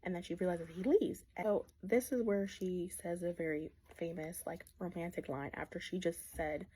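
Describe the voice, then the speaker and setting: A woman's voice: lowish voice, normal speed, husky, low-quality recording. A young woman giving a casual, slangy book recap and acting out the characters as she goes. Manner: slangy, animated, acts out the characters. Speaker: book vlogger.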